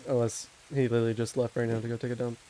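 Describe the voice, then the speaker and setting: A young man running a tabletop game as game master, talking in a loose, relaxed way with lots of fillers and restarts. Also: medium pitch, very fast, slight background noise. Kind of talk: casual tabletop game narration.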